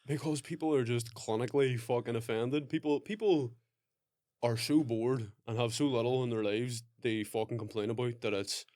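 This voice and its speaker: A man's voice: medium pitch, a little mellow, dry recording, clean studio sound. A young Irish man, a comedian co-hosting a podcast, talking bluntly and swearing in casual chat. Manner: blunt, sweary, quick to laugh.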